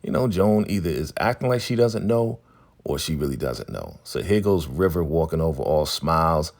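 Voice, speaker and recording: A man casually recapping a TV episode, retelling scenes by quickly acting out the characters' lines. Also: sing-song. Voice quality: gravelly, husky low voice. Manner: retells scenes with quick quoted dialogue and laughs. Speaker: recap host.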